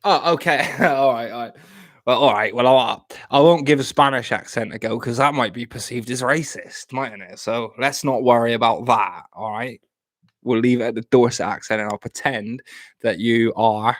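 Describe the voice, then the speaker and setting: A man's voice: mid-range voice, normal speed. A young man from Plymouth, chatting casually on a live stream at home, often stammering and repeating words. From Plymouth, England.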